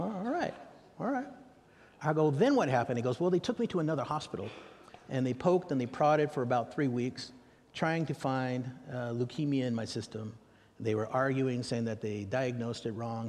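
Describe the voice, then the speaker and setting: American preacher in a reverberant hall. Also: male voice, a little hiss or hum. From United States. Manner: animated, acts out dialogue with raised pitch for questions. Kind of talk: sermon storytelling. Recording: long reverb of a large hall.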